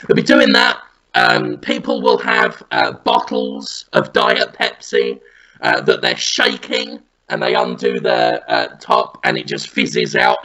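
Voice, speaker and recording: A man hosting a comedy podcast, telling an absurd story in an animated, rambling way, his voice run through a Dalek-style robotic filter. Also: sits high, gravelly, a little hiss or hum, low-quality recording. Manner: animated, rambling, breaks into sung bits. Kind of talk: absurd comic storytelling chat.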